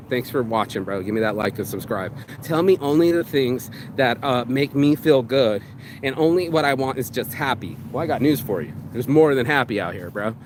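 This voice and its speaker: A man's voice: medium pitch, fairly quick, slight background noise. A man hosting his own vlog, delivering a blunt, profane motivational rant full of street slang and calling the listener bro. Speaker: vlog host.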